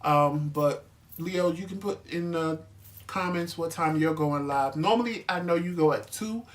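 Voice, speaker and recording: A man's voice: fairly high pitch, measured pace. A man co-hosting a casual couple's talk show, easygoing and playful, rambling through his thoughts. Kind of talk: casual chat.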